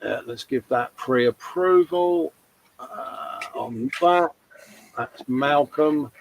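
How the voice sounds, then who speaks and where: A man's voice: medium pitch, extremely slow, creaky, a little hiss or hum, rough recording. A man co-hosting a hobby livestream, casually chatting and reading out viewer comments, calling everyone mate. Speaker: livestream co-host.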